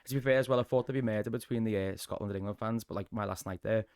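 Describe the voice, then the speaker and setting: A man's voice: fairly low pitch, racing, darkish tone, clear, resonant tone, no room sound. A man with a Liverpool Scouse accent, a podcast guest telling stories in casual chat, sweary and chatty. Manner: sweary, chatty storytelling with laughs.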